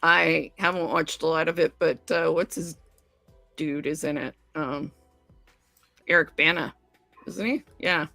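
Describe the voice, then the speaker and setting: A woman's voice: low voice, steady tone, a little slow, vocal fry, pauses often, sharp tone, dry recording, faint music behind. A woman hosting a casual podcast chat, offhand and loose in how she talks. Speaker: podcast host.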